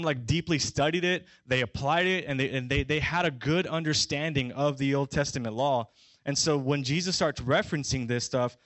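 A man's voice: a little high, fairly bright tone, dry recording. A young man giving a casual, conversational sermon, often checking in with "right?" and acting out how his listeners would react. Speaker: pastor.

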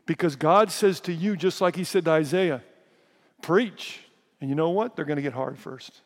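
A middle-aged male pastor with a gravelly voice that sits a little high, telling stories from the pulpit with emphatic swings. His words ring out in a church hall with a long reverb tail. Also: normal speed, long pauses. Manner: storytelling, emphatic and dramatic. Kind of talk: sermon.

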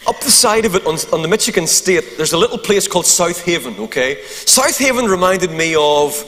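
Animated Northern Irish preacher, high voice. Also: male voice, a little fast, big-room sound. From Northern Ireland. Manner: animated, humorous anecdote with asides to the crowd. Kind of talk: sermon storytelling.

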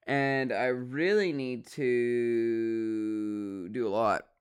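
A young man with a drawl rambles through a casual vlog, swearing freely and padding his talk with ums and likes. His voice is smooth and resonant and sits at an ordinary middle pitch. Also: a bit bright. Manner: swears a lot, rambling with many fillers. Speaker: vlogger.

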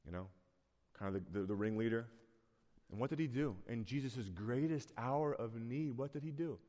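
A pastor preaches a sermon in a church, conversational and earnest, breaking into sudden rising bursts of emphasis. His mid-range voice is warm and moderately paced, with long hall reverb on the recording.

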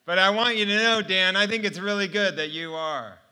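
A stocky, strong male physical therapist, put on by a man telling the story, speaks in firm, encouraging promises. His voice sits fairly high and rings very bright. The tone stays smooth and clear. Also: a little fast. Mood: earnest.

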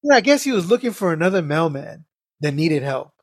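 A man on a casual podcast, telling animated stories with lots of swearing and laughter. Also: a little high, brisk, no room sound, studio quality. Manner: animated storytelling, heavy swearing, frequent laughs. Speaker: podcast co-host.

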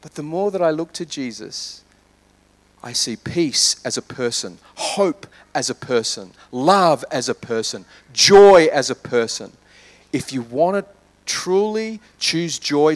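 Pastor guy preaching, fairly high voice, gets loud then goes real quiet to pray. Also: takes it slowly. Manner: animated, swings from loud urging to hushed prayer. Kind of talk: sermon.

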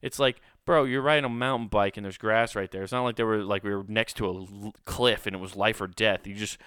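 Young male podcast host, low-pitched, smooth, dry close sound, rambling and swearing. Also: a little fast, no echo. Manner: rambling, profane, animated storytelling with frequent fillers. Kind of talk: casual solo podcast rant.

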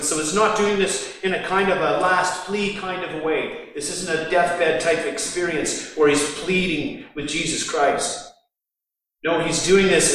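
A man's voice: on the high side, fairly bright tone. A man preaching a sermon, acting out the mockers' lines with sarcasm. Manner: acts out the mockers' voices with sarcasm. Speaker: pastor. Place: large echoing hall. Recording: distant mic in a reverberant hall.

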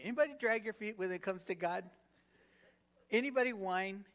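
A man with a notably high voice preaching a sermon. He talks conversationally, tossing rhetorical questions to the congregation and leaning on "you know" between thoughts. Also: expressive, a little fast, fairly bright tone. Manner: peppered with "you know" fillers. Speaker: pastor.

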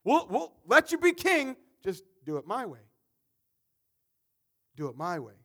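A man's voice: high-pitched, wildly swooping pitch, measured pace, bright, forceful tone, heavily acted. A man voicing a coaxing devil who offers a tempting deal, within a sermon. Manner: coaxing, persuasive.

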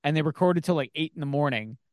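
A man's voice: fairly high pitch, expressive, fast talker, darkish tone, dry recording, studio quality. A man hosting a podcast, telling a story in a rambling, casual way with lots of fillers and restarts. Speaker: podcast host. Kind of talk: casual chat.

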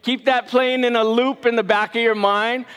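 A man's voice: extremely high pitch, level tone, moderate pace, fairly bright tone, smooth. A man preaching a casual sermon as a pastor, conversational and repeating his words as he leads the church. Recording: reverberant hall.

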